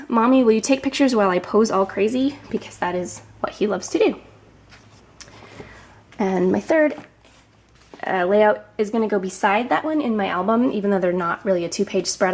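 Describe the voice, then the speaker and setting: A woman's voice: medium pitch, darkish tone. A woman in her thirties, a bit out of breath, casually walking through her scrapbook pages with lots of ums and the odd whispered aside. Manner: chatty, with frequent ums and some whispered asides. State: slightly out of breath. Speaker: scrapbooking vlogger. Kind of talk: casual show-and-tell narration.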